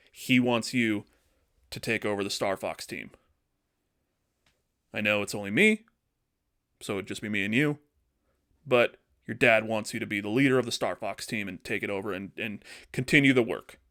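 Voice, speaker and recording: A man's voice: on the low side, sharp tone. Man doing old hare wingman.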